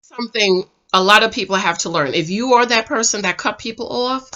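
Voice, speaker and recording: A woman's voice: mid-range voice, fairly quick, sharp tone, highs cut off. A woman reviewing a dating show in an emphatic, chatty way, calling her viewers girl and ladies. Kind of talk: animated casual commentary. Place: home.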